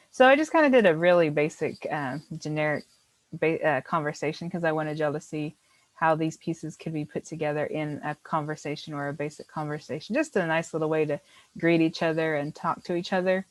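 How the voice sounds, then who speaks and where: A woman's voice: low-pitched, brisk, no echo, rough recording. A woman teaching a beginner language class, explaining patiently step by step and encouraging her students.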